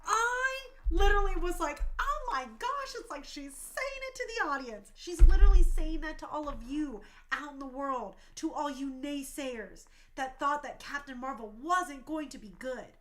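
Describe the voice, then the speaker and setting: A woman's voice: high voice, expressive, moderate pace, few pauses, fairly bright tone. A woman in her thirties hosting a talk show stream, speaking passionately and emotionally, tearful at times.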